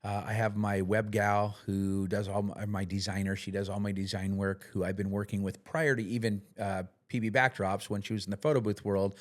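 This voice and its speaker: Low-voiced man chatting as a podcast guest. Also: little pitch movement, brisk, few pauses. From United States. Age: middle-aged. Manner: plain-spoken, frequent fillers and restarts. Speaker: podcast guest, business owner. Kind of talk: casual interview talk.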